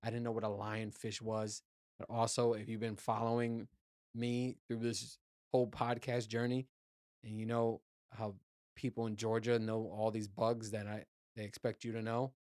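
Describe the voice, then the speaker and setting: A podcast host speaks in a fairly low, slightly mellow voice with a completely flat delivery at a moderate pace, in clean studio sound with no room sound. He grew up in Puerto Rico, his ears are still clogged after diving, and he rambles through a profane story, casually chatting with listeners and laughing at himself.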